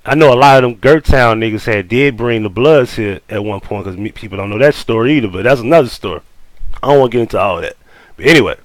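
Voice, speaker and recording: A man's voice: mid-range voice, fast talker, no echo, rough recording. Blunt, profane man with a New Orleans accent. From Louisiana. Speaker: host reacting to a video. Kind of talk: casual commentary.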